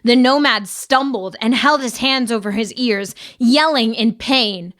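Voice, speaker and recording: A woman narrating a young adult fantasy audiobook in an even, measured reading. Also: a little high. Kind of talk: scripted narration.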